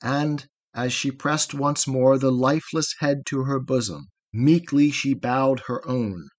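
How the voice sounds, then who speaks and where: A man reading a long narrative poem aloud in a solemn, measured way with dramatic pauses. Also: mid-range voice. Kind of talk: slow measured poetry reading.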